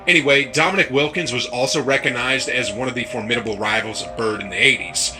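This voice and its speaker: A man giving scripted narration for a sports story video, in an even storytelling read. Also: mid-range voice, fast talker.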